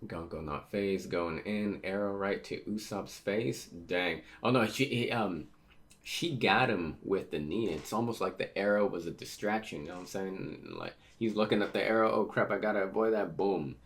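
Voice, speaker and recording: A man with a deep, gravelly voice reads a comic chapter aloud in a loose, casual way. He reacts to the action and trips over words as he goes. His tone stays low, with a rough fry on the ends of his phrases. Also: moderate pace. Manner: reactive, stumbles over words while reading. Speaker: host reading manga aloud. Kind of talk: casual manga read-through with commentary.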